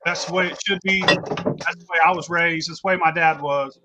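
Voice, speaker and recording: A man's voice: fairly high pitch, steady tone, fairly quick, very noisy. A man, the host, telling a story in a casual chat, blunt and profane.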